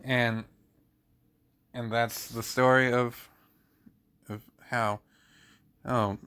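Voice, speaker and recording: Brief: young male vlogger, unhurried storytelling, backtracks and corrects himself. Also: medium pitch, flat delivery, a bit bright, clean tone. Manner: rambling, self-correcting. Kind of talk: casual storytelling.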